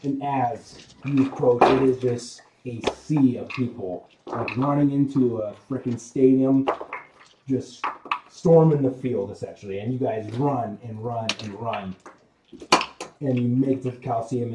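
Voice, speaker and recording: A man's voice: medium pitch, normal speed, reverberant, distant mic, heavy background noise. A man running a tabletop game as game master, narrating a scene casually with lots of likes and ums.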